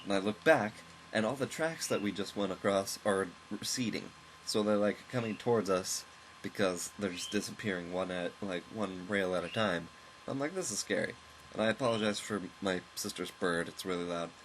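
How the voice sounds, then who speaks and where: A man casually recounting a long, rambling story at home while commenting on a game, with chuckles and quick asides. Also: low-pitched, a little hiss or hum, rough recording. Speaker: let's play host. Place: at home, with a loud pet bird nearby.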